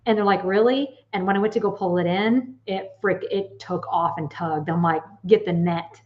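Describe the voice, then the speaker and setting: Woman, late 40s, psychic medium host; casual, animated storyteller who swears; dull lo-fi audio. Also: on the low side, normal speed. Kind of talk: casual chat to viewers.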